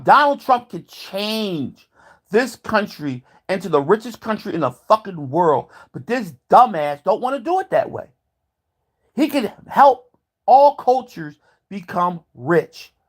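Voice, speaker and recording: A man vlogging a heated, profane rant, repeating himself as he builds his point. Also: sits high. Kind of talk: ranting commentary.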